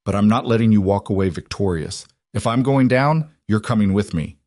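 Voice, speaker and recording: A man's voice: on the low side, fairly quick, darkish tone, dry recording, studio quality, natural voice. A man voicing a desperate young werewolf man, bitter and raw, his voice shredded and cracking, in a storybook reading. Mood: desperate threat.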